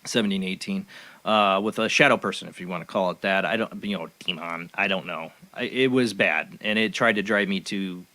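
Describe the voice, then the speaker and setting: A man's voice: low voice, fairly quick, bright, forceful tone. A man hosting a talk show, speaking earnestly in casual chat and rambling through his thoughts with many fillers. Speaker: host.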